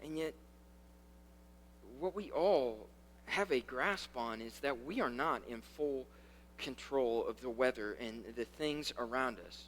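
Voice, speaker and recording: A youth pastor preaching a conversational sermon, swinging from loud, fast bursts to quiet, slow lines and repeating key phrases for emphasis. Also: male voice, mid-range voice, a little hiss or hum.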